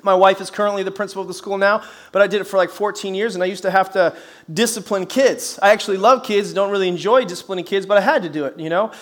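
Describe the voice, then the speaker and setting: High-voiced energetic male pastor preaching. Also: quick pace. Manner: energetic, emphatic, rising to shouts on key phrases; folksy humor with repeated rhetorical questions. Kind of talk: sermon. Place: church service before a congregation.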